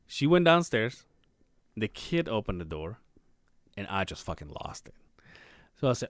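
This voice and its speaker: A man in his forties co-hosts a casual podcast, his fairly low voice moving at a normal speed with frequent pauses. He's an animated storyteller who swears freely and acts out the voices of the people in his stories. The recording is clean studio sound with no echo.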